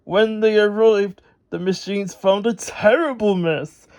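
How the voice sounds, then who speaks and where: A man reading a children's storybook aloud in an unhurried way, stumbling over a word now and then. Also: sits high, darkish tone, clean tone. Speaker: storybook reader.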